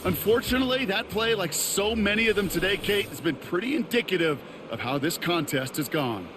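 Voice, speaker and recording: A man's voice: high-pitched, expressive, brisk. A man voicing the color commentator in a football video game, explaining plays in a conversational way. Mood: analytical. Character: chatty male football color analyst. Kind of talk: scripted sports commentary. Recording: loud game noise underneath.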